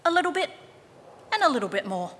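Woman reading cheerful village mother: sing-song, raised and bright, echoing hall. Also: sits high, very animated, fast, slight background noise, pitched above the performer's own voice. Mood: playful.

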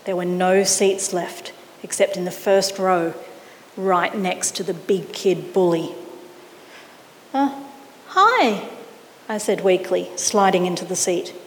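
A woman reading a children's story aloud with expressive delivery, in an echoey hall. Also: on the low side, slight background noise.

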